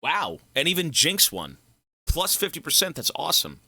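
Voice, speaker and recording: A male live streamer chatting casually and thanking donors, excitable and effusive, swearing freely. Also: fairly high pitch, normal speed, vocal fry, husky, dry recording, clean studio sound.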